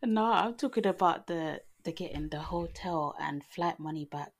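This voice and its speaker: A young woman in casual podcast chat, easygoing and quick to laugh as she explains things plainly. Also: lowish voice, breathy edge.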